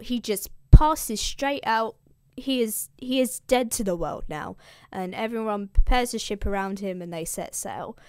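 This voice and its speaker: A woman's voice: on the high side, darkish tone, clean tone, no room sound, studio quality. A young woman who hosts a show explaining the classics, retelling an epic in a casual, irreverent, slangy way.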